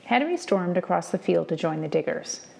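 A woman reads a novel aloud to students, chapter by chapter, in a steady, measured way. Her voice sits low with a gravelly, creaky texture. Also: a little hiss or hum. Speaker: reader.

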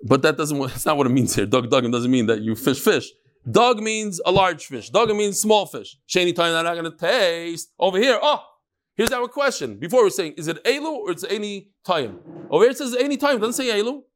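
Middle-aged male Talmud teacher, informal class, a touch high, explains point by point. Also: lively intonation. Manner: explains step by step, with quick asides.

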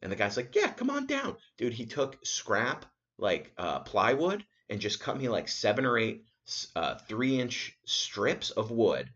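A young New York area man hosts a casual solo podcast in a fairly low, slightly slow voice, and the recording has its highs cut off. He tells rambling, profane stories with animated energy, acting out other people's lines.

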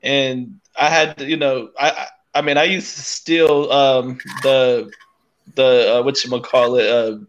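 A man's voice: mid-range voice, steady tone, unhurried, lo-fi sound. A man chatting casually as a podcast guest, hesitant and full of fillers and restarts. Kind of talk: casual chat.

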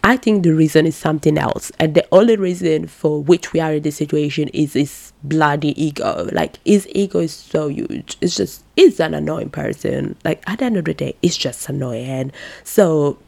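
A young woman from Italy hosting a podcast, talking in a casual, animated and emphatic way, full of fillers and exasperated asides. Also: low-pitched, moderate pace, gravelly, no room sound. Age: young adult. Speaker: podcast host. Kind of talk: casual solo commentary.

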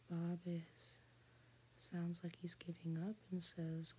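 Whispered role-play, lady narrating a cartoon ep, low mellow airy whisper. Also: completely flat delivery, slight background noise. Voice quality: breathy whisper. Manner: slow, soft retelling of a cartoon episode. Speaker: storyteller.

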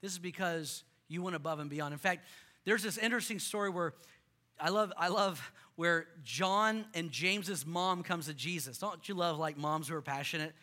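A male pastor preaching a sermon to a congregation, impassioned, swinging from loud rallying lines to quiet earnest ones. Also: fairly high pitch, moderate pace.

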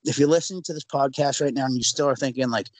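A young man co-hosting a sports podcast, ranting loudly with sudden jumps in pitch. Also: very fast, no room sound, rough recording. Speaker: podcast co-host.

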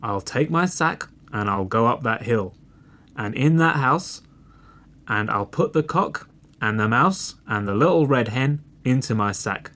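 A man voicing a big bad fox in a storybook, gruff, loud and scheming. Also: medium pitch, lively intonation, measured pace. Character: big bad greedy male fox, father.

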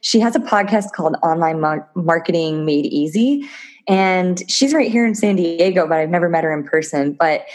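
A woman's voice: lowish voice, moderate pace, a little mellow. A woman talking as a podcast guest in a casual interview, chatty and enthusiastic, often laughing. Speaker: podcast guest, physical therapist turned entrepreneur.

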